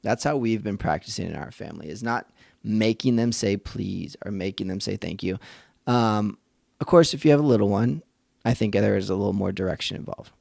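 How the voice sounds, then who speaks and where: A man's voice: on the low side, brisk, gravelly, darkish tone, no echo, studio quality. A man hosting a faith-based parenting podcast, talking earnestly in a conversational, thinking-aloud way. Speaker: podcast host and father.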